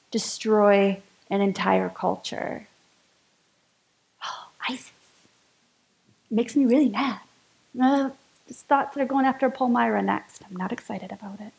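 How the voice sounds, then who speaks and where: A woman speaks to her spiritual community in a chatty, enthusiastic sermon-style talk. Her voice sits a little high, with a gravelly texture. She takes her time with each phrase. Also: a little mellow, low-quality recording.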